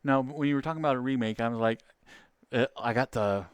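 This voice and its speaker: Smooth-voiced man chatting on stream. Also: medium pitch, fast, no room sound. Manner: rambling, laughs often, loses his train of thought. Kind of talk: casual livestream chat with viewers.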